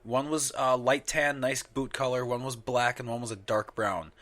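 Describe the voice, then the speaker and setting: A man's voice: mid-range voice, steady tone, normal speed, fairly bright tone. A young man in casual podcast banter, swearing freely and mimicking people in mocking voices. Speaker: podcast co-host.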